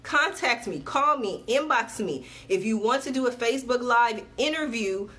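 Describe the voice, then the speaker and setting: A woman's voice: fairly high pitch, expressive, normal speed, sharp tone. A woman who runs a small TV network, chatting casually to viewers on a livestream; upbeat, she repeats dates for emphasis and is sweating a little. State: sweating, patting herself dry. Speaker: TV network CEO. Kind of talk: casual Facebook Live talk to viewers.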